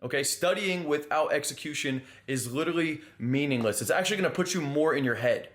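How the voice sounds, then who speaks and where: A man making a promotional pitch straight to the viewer, earnest and insistent. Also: a little fast, a bit bright. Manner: earnest, direct address to viewer.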